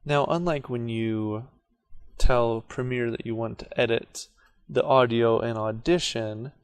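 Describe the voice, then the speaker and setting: This man has a clear, resonant, mid-range voice and a measured pace as he casually walks through a video editing tutorial. Relaxed and self-correcting, he narrates each click in the screen recording.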